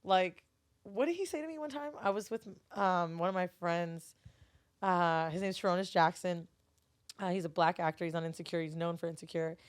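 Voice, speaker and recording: A woman's voice: fairly low pitch, normal speed, clear, resonant tone, dry recording. A woman from Florida, a podcast guest, chatting casually and telling stories with lots of swearing. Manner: animated, profane, laughing storyteller. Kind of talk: casual chat.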